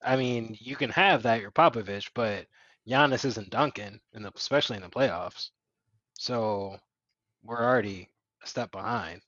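A man's voice: on the low side, normal speed, a bit bright, no room sound, muffled recording. A man co-hosting a casual sports podcast, speaking hesitantly with many fillers. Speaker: podcast co-host.

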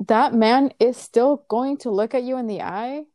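A woman talking casually and earnestly, giving frank advice with the odd swear word. Her voice is mellow and a little dark, recorded dry and close. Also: on the high side, unhurried, no echo. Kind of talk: casual chat.

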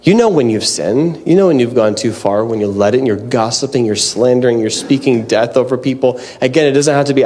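A man preaching a conversational, animated sermon with candid self-deprecating asides. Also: medium pitch, brisk, few pauses. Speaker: pastor.

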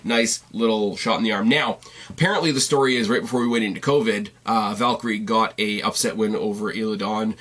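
A man with a fairly low, steady voice hosts a wrestling review podcast, talking a little fast with a slightly bright tone. He sounds congested and tired as he gives a casual, rambling recap full of wry asides and self-corrections. He's recorded on camera at a desk.

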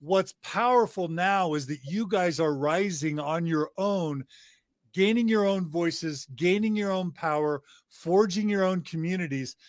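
A man's voice: sits high, a little slow, dry recording, clean studio sound. A middle-aged man, a podcast guest, talking with passion and piling up emphatic lists of praise. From United States. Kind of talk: enthusiastic interview talk.

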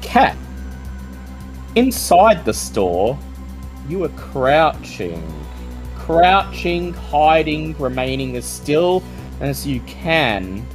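A woman as game master, narrating a tabletop horror game in slow, suspenseful tones. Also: very deep voice, low-quality recording. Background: faint music.

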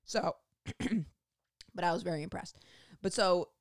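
Low-voiced, rambling woman telling a story. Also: measured pace, no room sound, studio quality. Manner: rambling, animated, profane, tangent-prone. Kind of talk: casual storytelling monologue.

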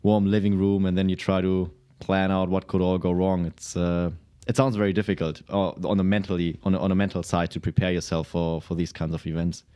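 A man hosting an interview, who talks in a halting way with many restarts. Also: deep voice, level tone, mellow, clean tone. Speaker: podcast host. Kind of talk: interview questions and reflections.

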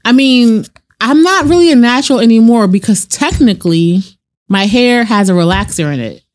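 Chatty woman co-host, fairly high voice. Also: expressive, normal speed, darkish tone. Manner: chatty, laughing, profane asides. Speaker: podcast co-host. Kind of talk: casual chat.

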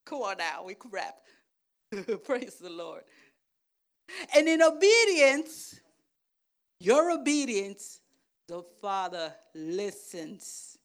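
A woman pastor preaching a sermon, checking in with "Amen?" and "right?", and swinging from soft asides to loud calls. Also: medium pitch, big pitch swings. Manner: slow, deliberate delivery.

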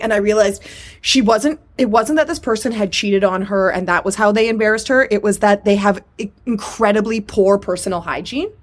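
A young woman co-hosting a podcast, telling a story in casual, animated chat, acting out quotes and cursing freely. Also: medium pitch. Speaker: podcast co-host.

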